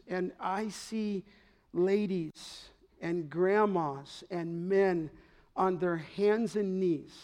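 A middle-aged man preaching a sermon as pastor, emphatic, pausing to ask the congregation to fill in words. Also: sits high, darkish tone.

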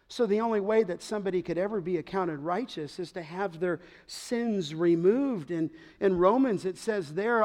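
A middle-aged man preaching a sermon as pastor, emphatic, pausing to ask the congregation to fill in words. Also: high-pitched.

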